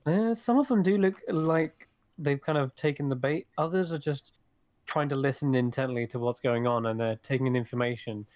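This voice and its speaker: Man, game master, mid pitch, dry close sound, hesitant narration. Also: moderate pace, a little mellow, dry recording. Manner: hesitant narration with many fillers.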